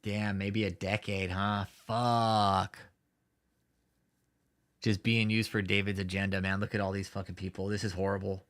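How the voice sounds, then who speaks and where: Swearing often, a man hosting a live stream launches into a heated, profane rant of angry commentary. His voice is low and a bit bright, with little pitch movement and a measured pace.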